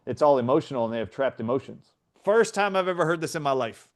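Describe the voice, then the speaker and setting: A man's voice: mid-range voice, fast talker. Earnest middle-aged man telling a story. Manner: earnest, animated retelling with quoted voices. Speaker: guest. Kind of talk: storytelling in a conversation.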